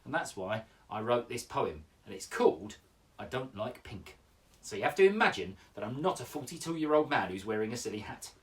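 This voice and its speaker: Lively, chatty man in his forties. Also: mid-range voice, moderate pace, far from the mic. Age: 40s. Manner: chatty, upbeat, full of fillers. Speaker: poet hosting a daily poetry show. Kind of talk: casual home broadcast. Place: home room.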